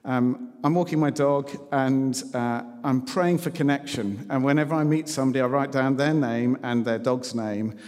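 A man's voice: medium pitch, steady tone, normal speed, hardly any pauses, a little mellow. Man preaching in a reverberant hall. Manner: conversational anecdotes with self-deprecating humour. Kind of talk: sermon storytelling.

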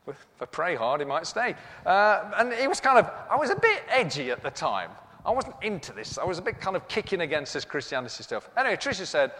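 Lively-voiced preacher, echoey hall. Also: male voice, high-pitched, brisk. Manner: animated, self-mocking, acts out dialogue. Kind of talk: comic storytelling sermon. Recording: echoey hall with long reverb.

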